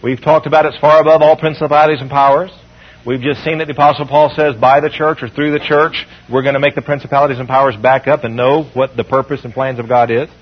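A man preaching a sermon, leading the congregation in call-and-response and slowing down when he reads scripture. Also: mid-range voice, level tone, lo-fi sound.

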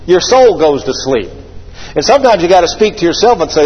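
High-voiced preacher in an echoey hall. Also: male voice, brisk, breathy edge. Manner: animated preaching with congregation call-and-response. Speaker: pastor. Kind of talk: sermon. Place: church sanctuary. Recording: echoey hall, dull lo-fi sound.

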